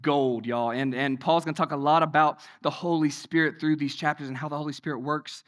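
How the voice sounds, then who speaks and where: A man preaching a sermon in a conversational way, asking many rhetorical questions and moving between loud emphasis and hushed passages. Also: on the high side, steady tone, fairly quick. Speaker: pastor.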